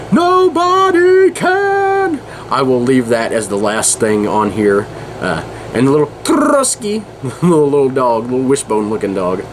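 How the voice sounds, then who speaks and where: A man hosting a podcast, talking in a casual, rambling, self-deprecating way with many restarts. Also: lowish voice. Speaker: podcast host. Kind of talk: casual monologue. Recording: steady background noise.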